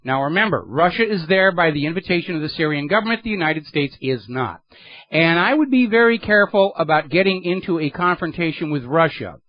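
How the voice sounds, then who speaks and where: A man's voice: high voice, no echo, dull audio. A man hosting a political talk radio show, delivering an emphatic, sardonic monologue into a studio microphone.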